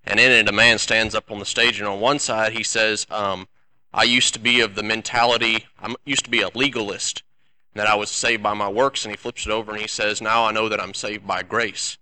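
A man, a member of a church class giving a measured, thoughtful comment. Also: lowish voice, flat delivery, pushed and bright, rough recording.

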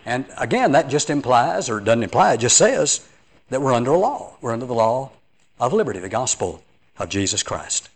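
A man's voice: mid-range voice, very animated, moderate pace, breathy edge. A man, a preacher giving an earnest, emphatic Bible lesson and telling stories to a class.

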